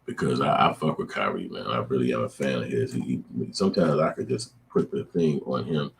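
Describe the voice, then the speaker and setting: A man delivers a blunt, profane, preachy monologue to his viewers. His voice sits extremely low. A faint hum of noise runs under the recording. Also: animated, a little fast, gravelly. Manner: blunt, profane, preachy ranting with acted-out quotes. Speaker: show host. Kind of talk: casual opinion monologue to viewers.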